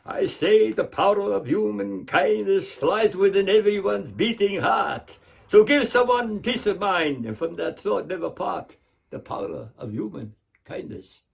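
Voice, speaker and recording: A man's voice: high-pitched, lively intonation, very slow, creaky, pauses often, dark tone, breathy edge, pitched above the performer's own voice, exaggerated voice. A man doing an impression of Count Dracula as a stately old vampire, drawing out his words. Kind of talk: open mic impression, recited poem.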